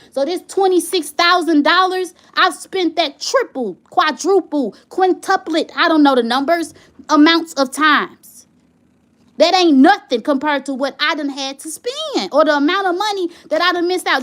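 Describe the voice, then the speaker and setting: A high-pitched woman vents to the camera. She talks in a heated, rambling way and circles back over the same points. It sounds like a candid home vlog. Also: fairly bright tone. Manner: heated, rambling, repeats herself when upset. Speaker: vlogger.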